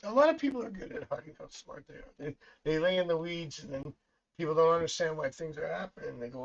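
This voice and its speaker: A talkative middle-aged man reads tarot cards live and drifts easily into stories about his family, laughing as he goes. His voice sits a little high for a man, and the stream audio sounds dull and lo-fi. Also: animated, fast, vocal fry. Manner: chatty and rambling, laughs often, tells family stories. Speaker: psychic tarot reader. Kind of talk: live-stream tarot reading, casual chat.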